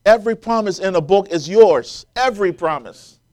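A man's voice: high-pitched, lively intonation, moderate pace, darkish tone. A man preaching a sermon, quoting scripture and building to emphatic, rising peaks as the congregation answers.

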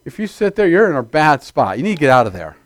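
Playful preacher with a dry close sound. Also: male voice, on the high side, very animated, quick pace, no echo. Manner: conversational, playful, acts out little scenes in put-on voices. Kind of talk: sermon. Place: church before a congregation.

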